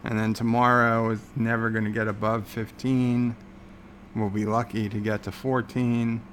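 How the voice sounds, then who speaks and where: A man's voice: on the low side, level tone, normal speed, fairly bright tone, slight background noise. A man hosting a casual livestream from home, rambling sarcastically with many filler words. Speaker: livestream host.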